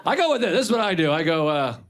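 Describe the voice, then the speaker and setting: Self-mocking stand-up comic man, lively pitch. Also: racing, heavy background noise. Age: 40s. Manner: self-deprecating, deadpan asides with animated impressions of friends. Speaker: stand-up comedian. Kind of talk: stand-up routine. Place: comedy club stage before a live audience. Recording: live club set with a laughing crowd. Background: audience laughter.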